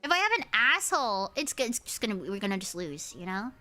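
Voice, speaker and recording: A woman in her early twenties with a high, cute, anime-girl-like voice, chatting and ranting with lots of swearing while streaming a game. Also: quick pace, soft background music. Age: early 20s. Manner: animated ranting with frequent swearing. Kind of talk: casual gaming stream chatter.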